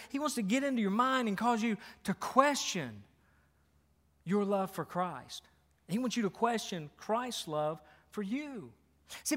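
A man's voice: high voice, fairly bright tone. A male pastor preaching a sermon in a church, emphatic and repetitive, firing rhetorical questions. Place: church sanctuary. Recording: long hall reverb.

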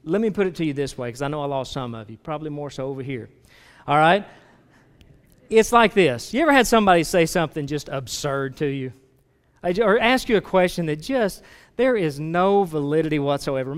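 This pastor's voice is a little high, smooth, and brisk, and he preaches with animation. His sermon is conversational, full of direct questions and restarted phrases, recorded with long reverb in a large hall.

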